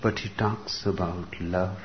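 A man delivers a spiritual discourse at an unhurried, measured crawl, leaving long pauses between phrases. His voice sits somewhat low. The recording is dull and lo-fi, with a faint hiss of ambience behind him. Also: steady tone. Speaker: spiritual teacher. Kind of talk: slow reflective discourse.

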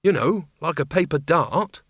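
A man's voice: a little high, lively intonation, measured pace, fairly bright tone, slightly rough, dry recording, studio quality, voice pushed up, full character voice. A man voicing a practical young woman making suggestions.

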